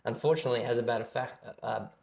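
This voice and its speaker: A man's voice: mid-range voice, steady tone, racing, vocal fry, a little mellow. An Australian man co-hosting a podcast in easygoing casual chat, often agreeing with his partner. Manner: agreeable, backs up his co-host with frequent affirmations. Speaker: podcast co-host.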